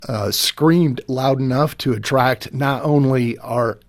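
Halting, somber man telling his story. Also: mid-range voice, no echo. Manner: halting, somber, many fillers. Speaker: guest, father. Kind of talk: personal testimony in an interview.

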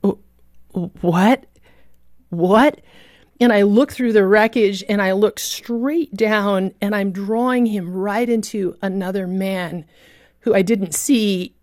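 A woman's voice: medium pitch, steady tone, unhurried, a little mellow, dry recording, clean studio sound. A woman recounting a dramatic personal rescue story as a guest, vivid and emotional in her telling.

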